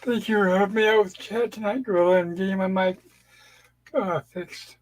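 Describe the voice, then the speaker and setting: A man's voice: high-pitched, fairly even intonation, moderate pace, dry recording, rough recording. A man hosting a casual livestream chat, tired and easygoing as he winds the show down. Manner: easygoing, winding down. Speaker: livestream host. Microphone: home microphone.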